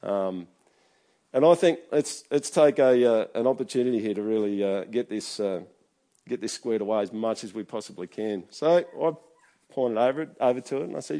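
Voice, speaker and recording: A middle-aged pastor with a mellow, medium-pitched voice delivers a conversational sermon at a moderate pace. He's chatty and keeps checking in with the congregation.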